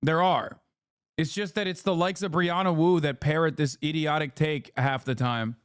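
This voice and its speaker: A man in his thirties reacting to a video on a livestream, blunt, exasperated and quick to swear. His voice sits fairly high. The sound is dry and close. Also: steady tone, smooth, no echo. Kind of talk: casual livestream commentary.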